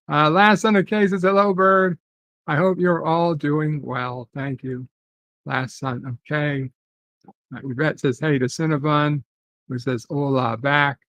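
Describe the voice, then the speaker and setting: A man hosting a relaxed live-stream chat, talking slowly with a slightly high, gravelly voice. He stumbles and repeats himself, filling pauses with ums and uhs, and the sound is dry and close. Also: no echo. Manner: halting, repeats phrases with many fillers. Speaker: host reading chat.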